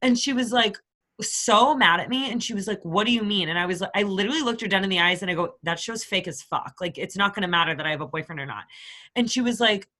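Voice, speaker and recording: A woman in her twenties, co-hosting a podcast, telling stories in a casual, profane, animated way. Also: medium pitch, quick pace. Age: 20s. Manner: profane, animated storytelling with quoted voices. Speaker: podcast co-host. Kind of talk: casual storytelling chat.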